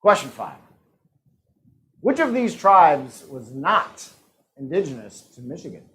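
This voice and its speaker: A man hosting an online trivia night, his voice sitting a bit high and swinging up and down with a lot of life. He reads out each question and its options, then tosses off quick jokes and laughs between them. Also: very animated, a bit bright, poor audio. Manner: jokey, laughs often, reads out multiple-choice options. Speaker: trivia host. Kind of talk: live-streamed trivia hosting.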